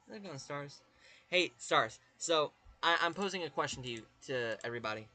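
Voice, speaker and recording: A man's voice: on the high side, animated, fairly quick, sharp tone. A man with a Southern US accent, chatting casually with his live-stream viewers, rambling and swearing as he talks to chat.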